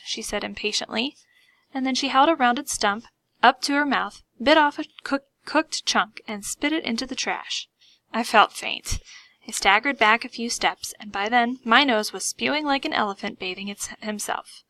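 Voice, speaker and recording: A woman narrating a first-person story with lively, expressive comic timing. Her voice is bright and slightly high. It comes across dry and close, with no room around it. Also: normal speed, no echo. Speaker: audiobook reader.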